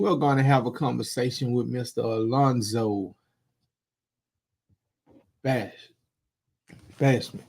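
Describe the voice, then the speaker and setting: A man hosting a podcast with a casual intro, talking in a loose, animated way with some halting and throat-clearing. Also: mid-range voice. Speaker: podcast host.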